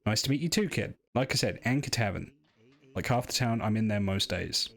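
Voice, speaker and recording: A man's voice: fairly low pitch, animated, brisk, fairly bright tone. A man putting on Jimmy, chummy Scouse ex-miner. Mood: friendly. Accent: attempted Scouse. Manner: chummy, slangy, pleading for work. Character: friendly out-of-work male Scouse ex-miner.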